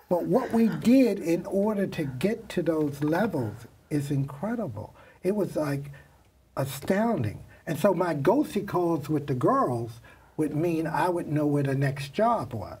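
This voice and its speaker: An older man, a makeup artist guest, telling animated stories in an interview and acting out the voices of the people in them. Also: on the high side, measured pace, far from the mic, background noise. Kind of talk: storytelling interview.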